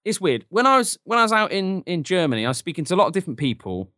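A man's voice: sits high, big pitch swings, very fast, pushed and bright, no room sound. An English man co-hosting a podcast, chatting casually with dry, ironic humor. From England. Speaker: podcast co-host.

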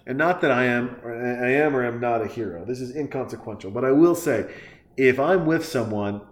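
A man rambling through a comedic movie recap, profane and excitable, jumping from point to point. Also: mid-range voice, normal speed, reverberant. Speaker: movie reviewer.

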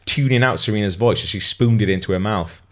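A man's voice: lowish voice, fast. A man reading a novel aloud, amused, stopping now and then to comment on it. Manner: amused, breaks off to comment and laugh. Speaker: reader.

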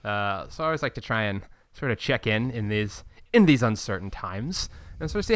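A man's voice: lowish voice, sing-song, normal speed, a bit bright, no room sound. A man hosting a podcast, chatting in a playful, joking way. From New Zealand. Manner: playful, jokey introductions. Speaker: podcast host. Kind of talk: casual chat.

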